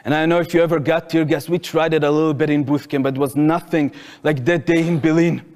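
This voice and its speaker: This is a fast, slightly high voice belonging to a man in his twenties who speaks with an Israeli accent, Hebrew being his native tongue. Telling a personal story to a lecture-hall audience, he animatedly voices the characters and shouts at the peaks, with a long reverb from the hall.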